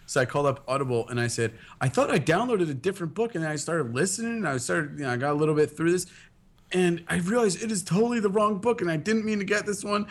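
A man's voice: high-pitched, expressive, fast. Laid-back, joking man in casual chat.

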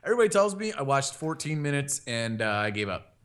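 A man's voice: mid-range voice, sing-song, fast, fairly bright tone. Profane, joking podcast guy. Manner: profane, joking, laughs often. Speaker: podcast co-host. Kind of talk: casual chat.

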